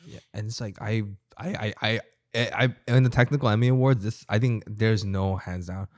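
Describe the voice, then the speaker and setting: A man's voice: lowish voice, normal speed, a little mellow, dry recording, clean studio sound. A young man co-hosting a podcast, chatting casually, rambling with lots of fillers and freely swearing. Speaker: podcast co-host. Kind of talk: casual chat.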